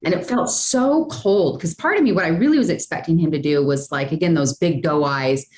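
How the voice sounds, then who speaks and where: Low-voiced woman telling a story. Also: fairly quick, echoey room. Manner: lively, chatty storytelling with frequent "like" and "right?". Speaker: guest, speaker and sales coach. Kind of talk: storytelling in a podcast interview.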